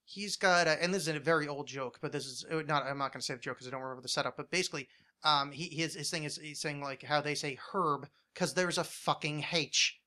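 A man's voice: a little high, quick pace, sharp tone. A man hosting a casual podcast, ranting with lots of swearing and restarts. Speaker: podcast host.

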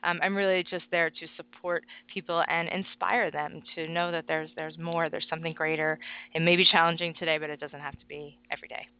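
A woman's voice: sits low, little pitch movement, fairly quick, clear, resonant tone, no room sound. A woman speaking as an interview guest about parenting, earnest and encouraging. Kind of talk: interview talk. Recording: dull lo-fi dry sound.

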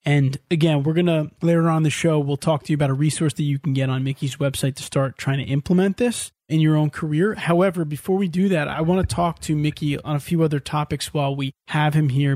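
A man hosting a podcast, asking questions and summarizing points in a clear, friendly way. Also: a little high, fairly even intonation, fast, few pauses, darkish tone, dry recording, clean studio sound. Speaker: podcast host.

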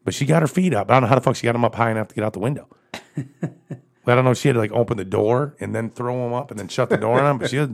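A man telling crude, profane stories in casual chat, laughing often and getting animated as he goes. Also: mid-range voice, quick pace, vocal fry.

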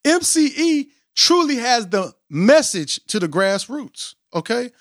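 A man hosting a podcast in a casual, animated way, mocking himself as he tries to rap and then explaining with preacherly emphasis. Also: very high voice, slow pace, no room sound, clean studio sound. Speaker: podcast host. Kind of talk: casual podcast intro with attempts at rapping.

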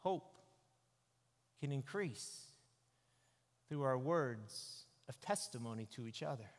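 A man, a pastor, giving an animated, conversational sermon into a microphone. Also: mid-range voice, takes it slowly. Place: church sanctuary. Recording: echoey church hall.

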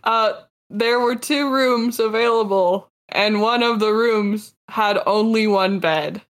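A woman co-hosting a comedy podcast, telling a silly story haltingly and breaking into giggles. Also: mid-range voice. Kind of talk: comedic improv storytelling chat.

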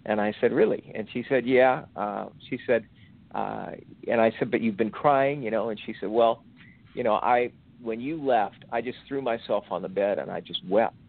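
A man in his sixties, a guest on a faith podcast, telling a personal story in a slow, reflective, halting way. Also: fairly low pitch, vocal fry. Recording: tinny phone-like audio.

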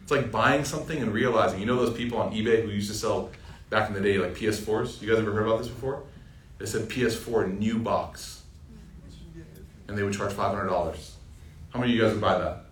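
Lively, joking young male Islamic teacher. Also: on the low side, fast talker. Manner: lively, jokey, asks the audience questions. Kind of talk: informal Quran reflection talk. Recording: roomy sound from a distant mic with faint ambient noise.

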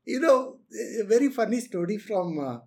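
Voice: medium pitch, sing-song, moderate pace, a little mellow. A spiritual teacher giving a lecture on renunciation, laughing often and acting out quotes.

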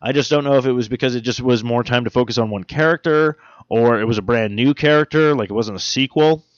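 A man's voice: mid-range voice, fast talker, no echo, highs cut off. A man hosting a podcast alone, chatting in a rambling, self-deprecating way. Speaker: podcast host. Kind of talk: casual solo podcast monologue.

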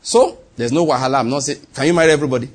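A middle-aged man, preaching an animated sermon with sudden leaps in pitch and acted-out dialogue. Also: very fast, slightly rough. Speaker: pastor.

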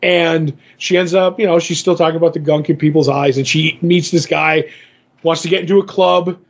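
A man's voice: fairly high pitch, steady tone, normal speed. A man co-hosting a casual comic book podcast, rambling and retelling scenes in quoted voices. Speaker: podcast co-host. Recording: dull lo-fi podcast audio.

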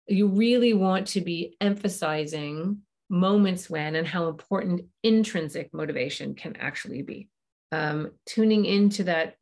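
A woman hosting a parenting podcast, explaining ideas in a conversational way with frequent ums and uhs. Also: sits low. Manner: warm explanatory, frequent fillers.

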